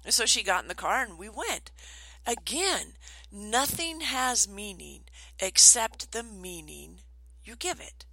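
A middle-aged woman trainer telling stories in an animated way, acting out the voices she quotes. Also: mid-range voice, measured pace, gravelly, no echo, low-quality recording. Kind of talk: storytelling talk.

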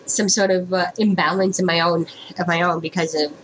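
A woman's voice: fairly low pitch, fairly even intonation, a little fast, a bit bright, a little hiss or hum, low-quality recording. A woman co-hosting a podcast in a laid-back, casual chat. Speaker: podcast co-host.

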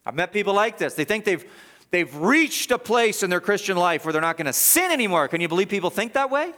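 A middle-aged male pastor preaching a sermon with a fairly high voice. He drives his points home with emphatic repetition, rising loud and then dropping to quiet asides. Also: big pitch swings, fairly quick. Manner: swings between loud emphatic peaks and low quiet asides. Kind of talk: expository sermon.

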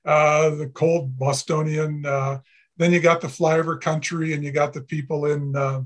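A man's voice: a little high, flat delivery, a little slow. A man from Canada, a podcast guest, talking in a rambling, anecdotal way with many fillers. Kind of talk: casual podcast chat.

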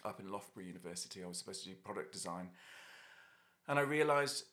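A man's voice: deep voice, expressive, fast talker, fairly bright tone. An Irish-born man, a hairdresser and salon owner, chatting as a guest in a podcast studio and telling stories with light laughs. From Ireland. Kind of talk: casual interview chat.

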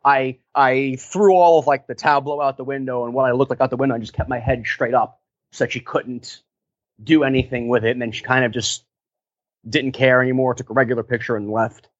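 A man's voice: medium pitch, fairly even intonation, a little fast, no room sound. A man working as a sports mascot, telling stories in a casual interview, rambling with lots of fillers and laughs. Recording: dull lo-fi recording.

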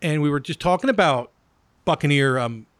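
A high-voiced man telling stories in a relaxed studio chat, his pitch leaping around as he acts out what others said. He rambles through each anecdote with lots of "you know", and the sound is close and dry. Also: brisk, no echo. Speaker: sports radio personality, guest. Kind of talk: casual storytelling chat.

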